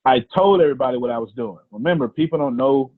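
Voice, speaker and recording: Man, business coach, husky voice, phone-quality line, punchy repeats. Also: medium pitch, fast, no echo. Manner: animated storytelling, repeats phrases for emphasis. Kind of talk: casual coaching talk.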